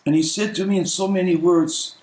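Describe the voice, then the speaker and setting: A man preaching a sermon as a pastor, telling stories conversationally and clearing his throat often. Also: high voice, steady tone, brisk, darkish tone, echoey room, rough recording.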